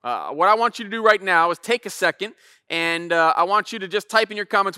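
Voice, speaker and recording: A man, a pastor in his thirties, telling a casual, animated sermon story and acting out voices. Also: high-pitched, brisk, smooth, dry recording, studio quality.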